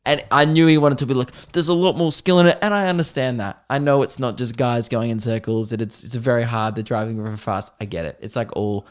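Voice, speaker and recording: An Australian man, a comedian hosting his own podcast, telling a story in an animated, profane, mocking rant. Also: mid-range voice, fairly quick, few pauses.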